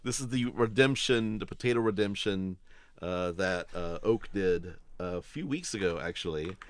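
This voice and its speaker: A man narrating a tabletop game as game master, unhurried and with fillers. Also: deep voice, smooth.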